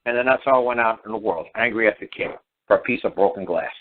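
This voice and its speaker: A man's voice: fairly low pitch, fast talker. A man, a talk show host, telling a long story in a casual, rambling way, repeating himself and swearing as he goes. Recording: tinny phone-line audio.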